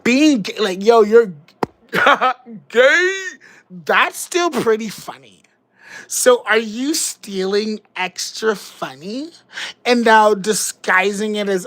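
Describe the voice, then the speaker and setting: Slow, giggly woman chatting. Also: medium pitch, lively intonation, fairly bright tone, poor audio. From Canada. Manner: giggly, rambling, joking. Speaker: livestream host. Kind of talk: casual livestream chat.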